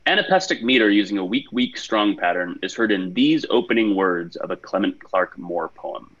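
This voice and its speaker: Lively low-voiced man hosting a quiz. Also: moderate pace, lo-fi sound. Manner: upbeat, chatty asides between questions. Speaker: quiz show host. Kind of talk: reading trivia questions on a video call. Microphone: video call.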